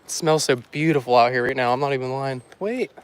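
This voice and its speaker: A man's voice: mid-range voice, brisk, clean tone. A man hosting a casual weather livestream outdoors, rambling and joking with his chat while filming on a handheld phone. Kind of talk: casual live-stream chat while walking. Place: outdoors by a road in the countryside.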